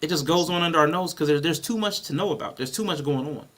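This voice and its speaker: A man's voice: a little high, fast talker, fairly bright tone. A man hosting a casual podcast discussion, rambling and thinking aloud with frequent restarts. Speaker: podcast host.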